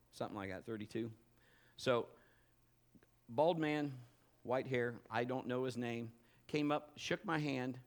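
A middle-aged man preaching a sermon in a church service, telling personal stories with loud bursts and quiet asides. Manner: animated storytelling, swinging between loud bursts and low asides. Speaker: pastor.

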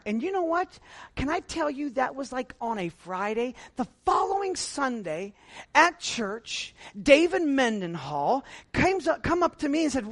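Male pastor, middle-aged, lively sermon delivery with soft asides and loud peaks, self-deprecating, dry close sound. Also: very high voice, measured pace, dry recording. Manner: animated preaching with big swings between quiet asides and loud emphatic lines; self-deprecating humor, chatty asides to the congregation.

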